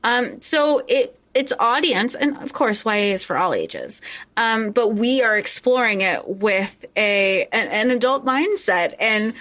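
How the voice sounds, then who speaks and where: A woman's voice: on the high side, sing-song, unhurried, a bit bright. A woman co-hosting a podcast, talking casually about a book in a chatty way with many fillers. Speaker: podcast co-host.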